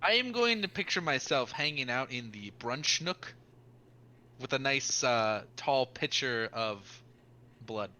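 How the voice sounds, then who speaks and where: A man playing a tabletop game, talking casually with a dry, deadpan humor. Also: medium pitch, a little slow, highs cut off. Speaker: player. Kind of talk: casual tabletop role-play.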